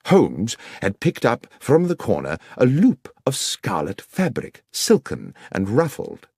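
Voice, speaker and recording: A man reading an audiobook narration in a measured, expressive storytelling manner. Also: mid-range voice, husky, dry recording, clean studio sound. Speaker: audiobook reader narrating as the doctor companion.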